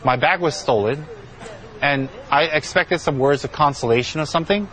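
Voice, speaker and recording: A man's voice: fairly high pitch, normal speed, a bit bright, rough recording. A man, a monk, telling a personal story in a chatty way, repeating himself and using many fillers. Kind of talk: spoken storytelling talk.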